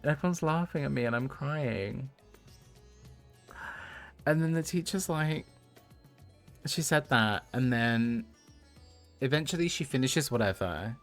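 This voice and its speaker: Chatty man telling a story. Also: mid-range voice. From United Kingdom. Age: 30s. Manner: chatty, laughs often, talks to chat. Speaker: livestream host. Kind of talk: casual storytelling to live chat.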